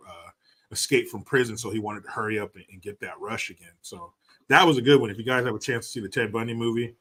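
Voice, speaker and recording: Bright-voiced man, blunt podcast host. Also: fairly low pitch, fast talker. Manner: blunt, profane, loose. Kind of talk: casual podcast chat.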